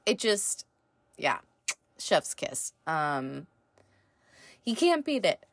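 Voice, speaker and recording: A woman's voice: deep voice, big pitch swings, very slow, gravelly, no room sound. A woman reviewing a TV show in a casual, rambling chat, full of fillers and the odd swear word.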